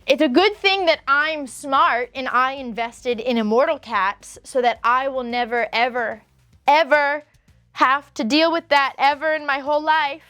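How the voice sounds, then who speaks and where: Woman host, higher voice, dry close sound, dramatic reactions to posts. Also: normal speed, no room sound. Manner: animated, dramatic commentary. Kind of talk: reading and reacting to online posts.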